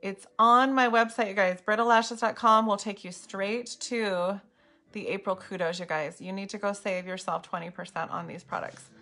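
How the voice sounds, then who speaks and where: A woman's voice: medium pitch, fairly even intonation, moderate pace, sharp tone. A woman chatting casually with viewers while she demonstrates eye makeup on a live video at home. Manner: chatty, bubbly, talks to viewers by name. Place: home room lit by ring light and window light.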